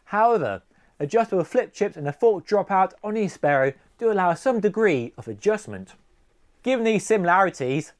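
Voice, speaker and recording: Man reviewing bikes, higher voice, dry sound. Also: no room sound. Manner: measured, conversational product comparison. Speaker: cycling reviewer. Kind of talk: bike review vlog.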